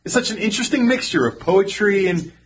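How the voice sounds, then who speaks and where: A man's voice: sits high, fairly quick, slightly rough. An actor playing a cocky, sarcastic young male shop clerk who just lost his job, in a 1940s radio play. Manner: teasing, sarcastic and persistent.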